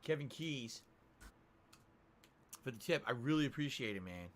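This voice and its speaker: Eating while he livestreams, a man talks with viewers from his indoor office, teasing them with mock outrage between mouthfuls. He speaks into a close desk mic at a moderate pace, his medium-pitched voice expressive.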